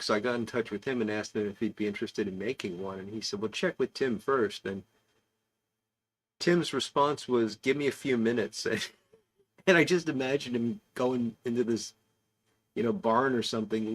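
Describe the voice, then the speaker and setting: A man hosting a casual online pipe-smoking club, rambling through stories and chuckling as he reads out comments. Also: mid-range voice. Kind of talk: casual chat.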